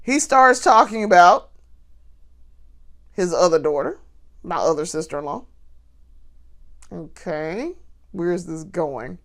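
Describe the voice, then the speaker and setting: A woman vlogger talking straight to the camera, telling a story in an animated way and laughing often. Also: fairly low pitch, takes it slowly, pauses often. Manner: talks straight to viewers.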